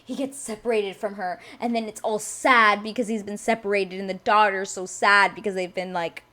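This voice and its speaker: A woman casually recapping and reviewing a movie, chatty and excitable, peppering her talk with "like" and acting out bits of dialogue. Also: medium pitch, moderate pace. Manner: chatty and excitable, heavy use of "like" and quoted dialogue.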